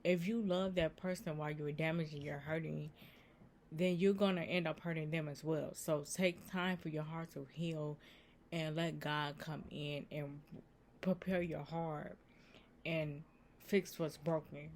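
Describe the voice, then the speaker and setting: A woman's voice: sits low, fairly even intonation, measured pace, a little mellow, slight background noise. Earnest woman preaching faith on her vlog. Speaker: vlogger giving faith advice. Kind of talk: casual Christian encouragement vlog.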